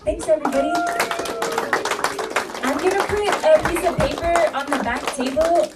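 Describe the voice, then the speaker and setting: A woman from the United States gently introducing songs and leading a sing-along at a live community gathering. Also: a little high, far from the mic, very noisy. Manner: soft-spoken, unhurried, leads the room in sing-alongs. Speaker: singer and song circle leader. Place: large echoey community hall. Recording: roomy live hall recording from afar. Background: live music, drum and singing.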